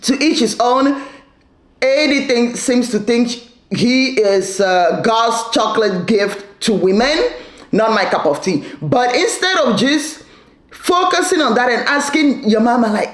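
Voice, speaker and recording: A woman's voice: on the high side, measured pace. A woman giving casual, sassy commentary recapping a reality show, with playful asides and frequent laughter. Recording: echoey room.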